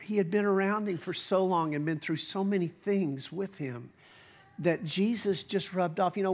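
High-voiced pastor preaching casually. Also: male voice. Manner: conversational preaching with asides and emphatic slowdowns. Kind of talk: sermon. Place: church stage.

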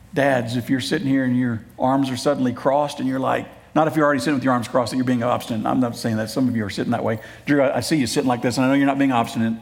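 A middle-aged man preaching a sermon in a church, conversational, with joking asides and earnest appeals to fathers. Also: mid-range voice. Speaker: pastor.

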